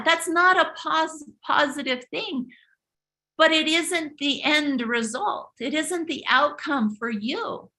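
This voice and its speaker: A woman's voice: high-pitched, bright, forceful tone. A woman hosting a live motivational talk, speaking emphatically and preachily, often repeating and restarting her words. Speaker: host of a live motivational stream.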